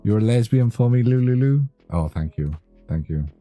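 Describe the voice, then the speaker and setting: A man's voice: medium pitch, animated, moderate pace, mellow. A young man chatting casually with his live-stream audience, rambling and joking, easily amused. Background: faint background music.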